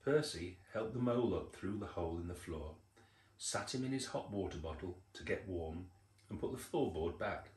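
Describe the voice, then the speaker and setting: An older man reading a picture book aloud to children, unhurried, with chatty asides about the pictures. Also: sits low. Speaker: storyteller. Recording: roomy echo.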